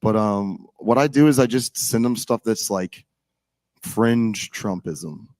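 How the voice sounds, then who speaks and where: A young man with a fairly low voice talks in a loose, rambling way. He fills his sentences with "like" and restarts often, heard close on a dry recording. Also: takes it slowly, a little mellow, no room sound. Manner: rambling, filler-heavy, many restarts with "like". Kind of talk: casual political chat.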